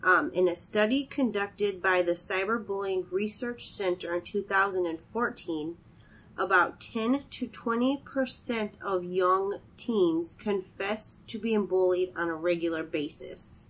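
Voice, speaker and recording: A woman's voice: medium pitch, measured pace, a bit bright, low-quality recording. A woman with a stuffy, nasal voice from a cold, co-hosting a casual chat show with many fillers. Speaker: podcast co-host.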